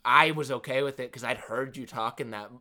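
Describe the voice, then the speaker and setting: A man co-hosting a podcast who tells stories in a relaxed, casual way and laughs often. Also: mid-range voice, a little fast. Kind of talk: casual chat.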